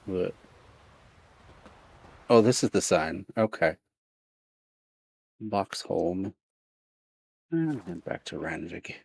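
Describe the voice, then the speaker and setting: A man's voice: sits low, expressive, extremely slow, creaky, pauses often, a little mellow, husky. A man streaming a video game, chatting casually and thinking aloud as he plays. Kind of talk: casual let's-play commentary.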